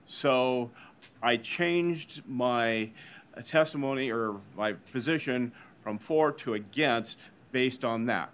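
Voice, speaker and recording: A man testifying as a member of the public at a legislative hearing, speaking deliberately and hesitantly, thinking aloud. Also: medium pitch, a bit bright.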